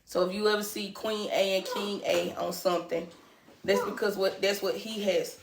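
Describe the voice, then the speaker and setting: A woman's voice: medium pitch, fairly even intonation, normal speed, creaky, reverberant, a little hiss or hum. A woman in her thirties hosting a casual livestream from her living room, chatty and teasing, laughing often. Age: 30s. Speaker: livestream host.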